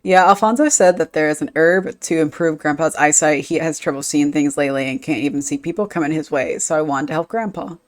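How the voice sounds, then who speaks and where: A woman's voice: low voice, a little fast, hardly any pauses, lightly acted. A woman voicing a contrite young village girl, reading game dialogue aloud.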